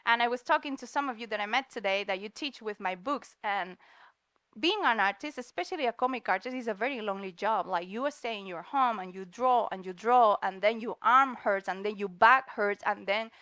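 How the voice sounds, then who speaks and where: A woman's voice: medium pitch, a little fast, sharp tone, smooth, dry recording. Cheerful woman. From Spain. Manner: cheerful, laughs often, slips in Spanish words. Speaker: guest speaker, comic artist. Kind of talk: talk at a university event. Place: lecture room in New York.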